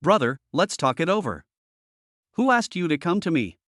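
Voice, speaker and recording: Casting: male narrator as a steady, polite young man under threat, animated pitch, dry sound. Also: moderate pace, no room sound. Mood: calm. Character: young male professor's assistant, calm and guarded.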